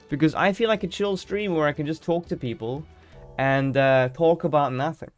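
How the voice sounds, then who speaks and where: A man streaming a game live, chatting casually and joking as he thinks aloud. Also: on the high side.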